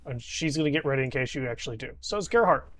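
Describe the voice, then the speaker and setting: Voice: mid-range voice, expressive, rapid-fire, a bit bright. A laid-back, teasing game master narrating a tabletop game, laughing often.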